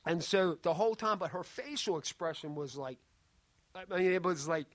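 A man's voice: high voice, normal speed, no room sound. A man giving a spoken testimony at a church meeting, telling a rambling story and often asking "right?".

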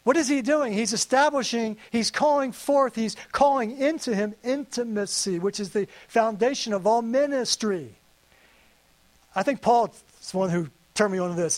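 High-voiced man preaching a sermon. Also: brisk. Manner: earnest, conversational preaching with playful asides. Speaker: pastor. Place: church service.

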